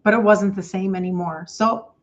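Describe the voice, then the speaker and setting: A woman's voice: mid-range voice, fairly even intonation, moderate pace, lo-fi sound. A middle-aged woman, a health coach hosting an emotional livestream talk, speaking emphatically with lots of repetition and greeting viewers by name.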